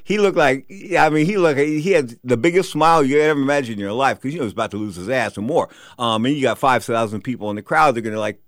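A man's voice: mid-range voice, fairly bright tone, no echo, studio quality. A man telling a rambling anecdote about his time as a boxing announcer, often saying "bottom line is" and acting out the quotes. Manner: digressive, repeats "bottom line is", acts out quotes.

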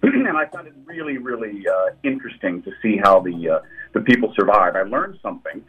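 A man's voice: lowish voice, sing-song, fairly quick, husky. A man, a novelist, answering interview questions and telling stories about his books, with frequent restarts. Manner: storytelling, thoughtful, with frequent restarts. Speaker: novelist guest. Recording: tinny phone line.

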